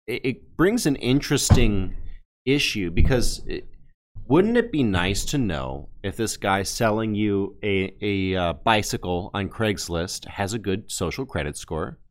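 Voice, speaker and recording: Low-voiced folksy male podcast host. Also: unhurried. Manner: relaxed, folksy, with frequent fillers and restarts. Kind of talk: casual panel discussion.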